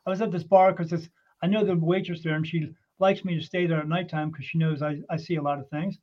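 Man telling animated stories, muffled. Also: on the high side, quick pace. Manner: animated anecdote-telling, acts out quoted voices. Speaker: psychic guest. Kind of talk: casual storytelling. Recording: muffled lo-fi sound.

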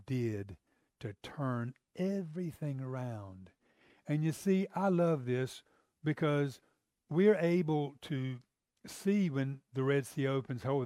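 A man's voice: mid-range voice, warm tone, no echo, studio quality. A man preaching a sermon in a conversational way, asking the listeners rhetorical questions and often restarting his phrases.

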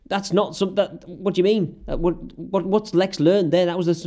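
A man's voice: a little high, expressive, brisk, mellow. A man recapping wrestling in casual podcast chat, sarcastic and often laughing. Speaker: podcast co-host.

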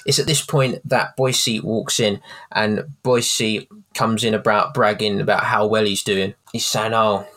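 A man hosting a podcast, recapping a TV episode in a loose, chatty way. His voice sits on the low side, and he stumbles through with plenty of ums as he acts out scenes. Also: measured pace, hardly any pauses. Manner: animated retelling with many ums, often laughing. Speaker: podcast host. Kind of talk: casual chat recapping a TV episode.

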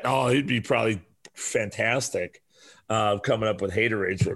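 A man in his forties hosting a podcast, talking casually in a profane, rambling way and telling animated stories. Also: mid-range voice, moderate pace, gravelly. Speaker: podcast host.

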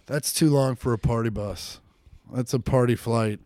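A man hosting a podcast in casual chat, with sarcastic, deadpan banter. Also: mid-range voice, moderate pace, no room sound, studio quality. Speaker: podcast host.

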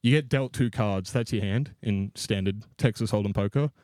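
A man's voice: fairly low pitch, moderate pace, a little mellow, no room sound, clean studio sound. A young man co-hosting a podcast, telling a long self-mocking story in a rambling way and laughing as he goes. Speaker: podcast co-host. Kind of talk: casual storytelling.

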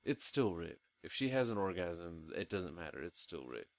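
A man's voice: low voice, big pitch swings, normal speed, no echo. A young man co-hosting a casual movie review podcast, talking crudely and profanely and laughing often. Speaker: podcast co-host.

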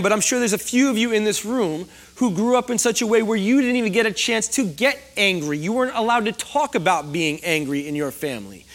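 Pitched high with a fairly bright tone, this young man preaches to the congregation gathered in a church hall. His style is chatty storytelling, and he keeps asking the people in front of him questions.

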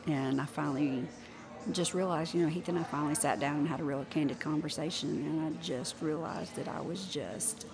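A woman's voice: deep voice, vocal fry. A woman talking openly and emphatically about her anger in a candid conversation about grief, repeating her points. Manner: open, emphatic, repeats herself. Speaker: guest.

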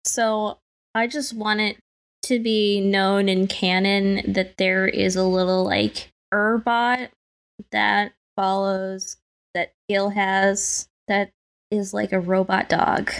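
A woman's voice: medium pitch, flat delivery, slow pace. A woman chatting casually as a player in a tabletop game, talking with lots of fillers. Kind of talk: casual chat while playing.

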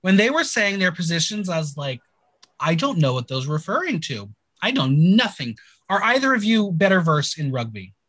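A man's voice: sits high, normal speed, dry recording. A man hosting a podcast, casually recapping a TV show with jokes and laughter. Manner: animated, laughing, joking. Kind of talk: casual chat.

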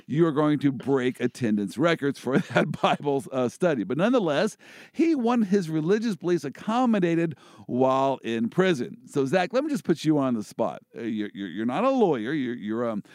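A man's voice: fairly high pitch, dry recording, clean studio sound. A man hosting a casual chat about legal cases, joking and restarting often as he explains. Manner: joking, animated, many restarts. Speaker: host and First Amendment lawyer.

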